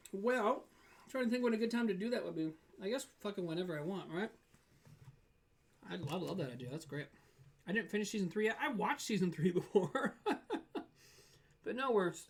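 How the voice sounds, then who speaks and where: A man chatting casually with viewers on a live stream, rambling and trailing off as he reads the chat. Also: high voice. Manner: rambling and loose, trailing off with fillers while reading chat.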